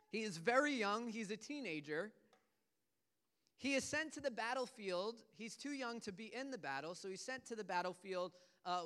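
A man's voice: extremely high pitch, a bit bright, clear, resonant tone. A man preaching a sermon, retelling a scripture story in earnest, casual storytelling words. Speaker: pastor.

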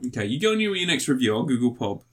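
Lively, laughing, sweary man. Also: medium pitch, rapid-fire, slightly rough. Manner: laughs often, sweary, animated. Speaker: podcast co-host. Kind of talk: casual chat.

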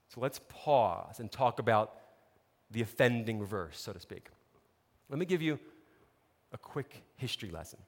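Animated male preacher in an echoey hall. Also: medium pitch, measured pace, pauses often. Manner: animated storytelling, conversational asides. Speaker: pastor. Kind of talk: sermon.

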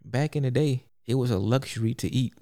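A man hosts his own podcast and rants straight through, blunt, exasperated and full of profanity. His voice is dark and mellow, with a gravelly, creaky edge. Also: mid-range voice, a little fast. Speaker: podcast host. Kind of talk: solo podcast rant.

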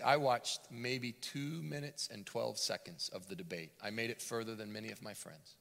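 A man preaching a sermon as a pastor, animated and dramatic yet conversational. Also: lowish voice, moderate pace, vocal fry, hardly any pauses. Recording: long hall reverb.

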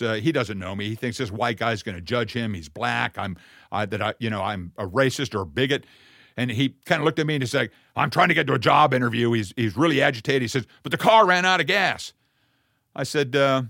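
A man telling a personal testimony in a sermon, earnest and conversational, acting out the dialogue, and closing with a softer, slower blessing. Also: mid-range voice, no room sound, clean studio sound. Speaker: ministry speaker addressing congregation.

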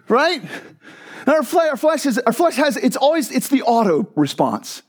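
A man's voice: very high-pitched, sing-song, moderate pace. A man preaching a sermon to a crowd in a church hall, joking and asking the listeners questions. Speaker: pastor.

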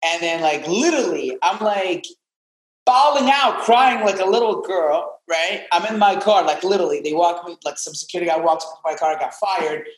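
A man in his twenties, a podcast guest, telling his story in an animated, casual way and swearing freely. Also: on the high side, fairly quick, few pauses, roomy sound, low-quality recording. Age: 20s.

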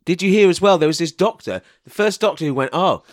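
British bloke on a comedy podcast, kinda high voice, all over the place, crude jokes. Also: male voice, lively intonation, quick pace, no echo, studio quality. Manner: crude, goes off on tangents, laughs a lot. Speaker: podcast co-host. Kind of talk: casual comedy podcast banter.

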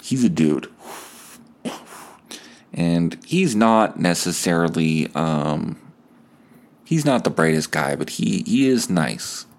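A man's voice: deep voice, animated, slow pace, pauses often. A male podcast host improvising a story, rambling and laughing at himself. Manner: rambling, laughs at his own tale.

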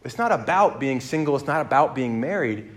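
A man in his thirties preaching a sermon, telling stories with lively acted-out dialogue that swings his voice up and down. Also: a little fast. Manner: animated storyteller, acts out dialogue with big pitch jumps. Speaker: pastor.

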